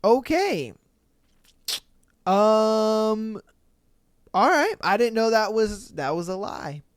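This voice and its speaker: This podcast host speaks extremely slowly in a high, sing-song, smooth voice, captured dry and at studio quality on a podcast mic. He reads out listener posts, adding slangy remarks and relaxed chuckles.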